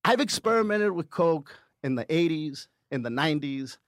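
A man's voice: a little high, lively intonation, moderate pace, dry recording, studio quality. Profane storytelling man in his fifties. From Los Angeles area. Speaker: comedian guest. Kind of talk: casual podcast storytelling.

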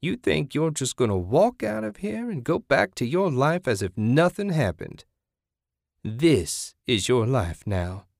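A man's voice: mid-range voice, big pitch swings, vocal fry, darkish tone, no room sound, studio quality, voice pushed up. A man voicing a cackling, vicious village woman. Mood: gloating. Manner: taunting, hissing, drawn-out menace.

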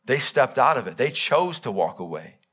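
Male pastor, live sermon, bright tense tone, dramatic loud-to-quiet swings. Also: sing-song, normal speed. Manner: swings between loud emphatic peaks and quiet low passages; voices God and Bible figures in quoted speech. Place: church.

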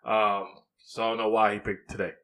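A man's voice: lowish voice, level tone, brisk, fairly bright tone. A man hosting a podcast in casual chat, laid-back and teasing, talking into a studio mic. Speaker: podcast host.

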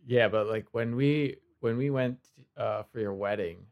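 A man hosts a casual podcast, laughing easily and peppering his talk with "dude" and swear words. He sounds loose and unhurried among friends. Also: medium pitch, lo-fi sound. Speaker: podcast host.

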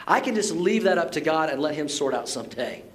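A middle-aged male pastor with a fairly high voice delivers a sermon. He talks like he's chatting, full of personal stories, restarts and asides. The tone stays easygoing and plainspoken. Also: very animated, brisk. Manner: conversational storytelling with repeated words and asides.

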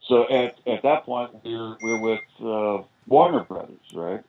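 A man's voice: fairly low pitch, unhurried, slight background noise. An older American man telling long, rambling anecdotes as a guest in a podcast interview, with lots of "you know"s. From United States. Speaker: guest musician. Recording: tinny phone-line sound.

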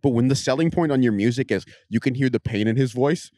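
Profane rambling podcast host, dry sound. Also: male voice, mid-range voice, mellow, no room sound. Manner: profane, rambling, quick tangents; often mimics other people's voices. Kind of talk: casual podcast chat.

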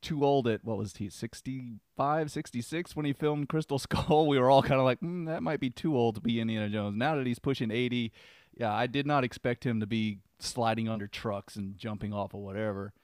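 A man's voice: mid-range voice, fairly even intonation, normal speed, a little mellow. A man gives his take on a film in a casual podcast chat. He is wry and joking and chuckles between points, and the dry close sound has no room echo. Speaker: film reviewer.

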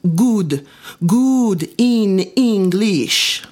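A woman voicing a cheerful, naive young Italian immigrant man who speaks halting, broken English with a thick Italian accent. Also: mid-range voice, lively intonation, darkish tone, pitched above the performer's own voice.

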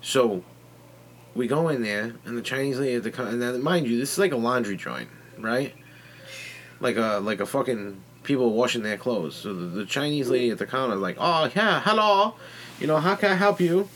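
Man, 30s, podcast host, casual profane storytelling, rambling, mid-pitched voice. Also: a little fast, slight background noise. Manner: profane, rambling, lots of "like" and "right?".

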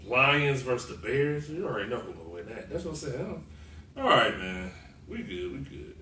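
A man co-hosting a podcast, talking football in a loose, animated, profane way and laughing often. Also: mid-range voice, normal speed. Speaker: podcast co-host. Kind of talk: casual sports chat. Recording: roomy, far from the mic, faint noise.

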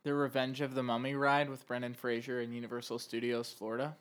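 A woman's voice: a bass voice, fast. Woman animatedly retelling a story. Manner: animated storytelling, laughing, swearing. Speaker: podcast co-host. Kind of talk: casual chat.

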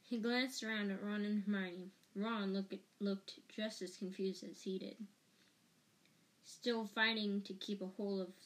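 A woman reading a novel aloud as an audiobook narrator, slow and careful, with small restarts. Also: medium pitch, fairly even intonation. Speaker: audiobook reader.

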